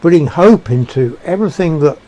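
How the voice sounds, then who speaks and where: A man giving a reflective monologue, halting and searching for words with frequent restarts. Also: a little high, animated, warm tone. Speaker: speaker sharing personal beliefs.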